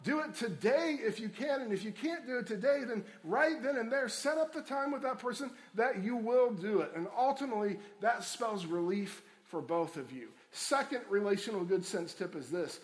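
Middle-aged male pastor, fairly high voice, earnest sermon delivery with repeated emphasis. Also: lively intonation, moderate pace, hardly any pauses.

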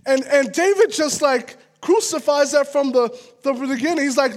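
A man with a strikingly high voice delivers a relaxed, conversational sermon. He talks like a pastor chatting with his congregation, earnest and personal, often pausing to check in with a quick aside. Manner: casual and earnest, with frequent "all right?" asides.

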